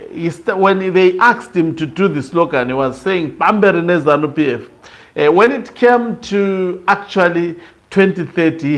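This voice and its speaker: A man talks through political commentary in a loose, conversational way. His voice sits a little high for a man. He stops and restarts often and fills the gaps with "uh". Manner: loose and conversational, many fillers and restarts, laughs in between.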